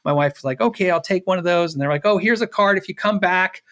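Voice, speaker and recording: A middle-aged man telling a story in a casual interview with a fairly high voice. He acts out every line of dialogue himself, full of fillers, restarts and quick laughs. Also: fairly bright tone. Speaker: interview guest.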